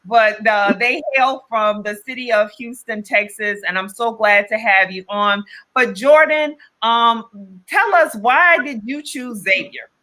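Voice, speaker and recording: Bright-voiced woman co-hosting a podcast. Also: on the high side, rough recording. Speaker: podcast co-host. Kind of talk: casual live broadcast chat.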